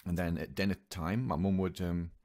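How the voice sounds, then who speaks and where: A young man speaking in a hesitant, halting way, with many pauses and restarts, in a personal confessional monologue. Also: deep voice, steady tone, a little mellow. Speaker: vlogger.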